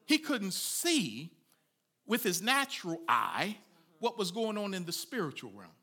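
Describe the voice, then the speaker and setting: A man preaching a sermon as a pastor, reading scripture and breaking into folksy asides, rising to dramatic shouts. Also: high-pitched, huge pitch swings, measured pace, husky.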